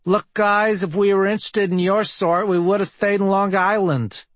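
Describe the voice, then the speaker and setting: A man's voice: high voice, steady tone, normal speed, dry recording, voice pushed up, natural voice. A man doing a honking New York young woman. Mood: scornful. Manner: scornful, dismissive. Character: snooty young woman in a frock coat.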